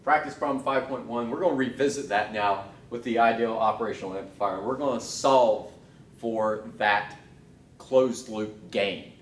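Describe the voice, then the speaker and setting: A man lecturing on circuit theory in a relaxed, offhand way, talking himself through each step. His voice sits back from the microphone in a reverberant room, with a faint hum of ambience underneath. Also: lowish voice, moderate pace, distant mic. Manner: casual, thinking aloud with restarts and asides. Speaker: engineering lecturer. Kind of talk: recorded technical lecture. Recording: echoey room, off-mic.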